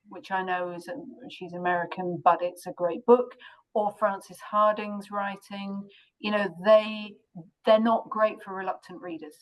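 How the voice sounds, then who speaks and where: A woman's voice: medium pitch, low-quality recording. A woman who is a school librarian and podcast co-host, speaking in an enthusiastic, emphatic way during a casual discussion.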